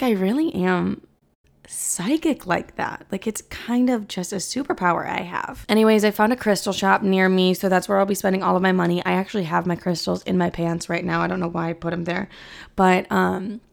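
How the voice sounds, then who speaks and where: A woman's voice: medium pitch, vocal fry. A young woman in her twenties hosting a solo podcast, chatting casually, full of filler words and swearing freely. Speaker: podcast host.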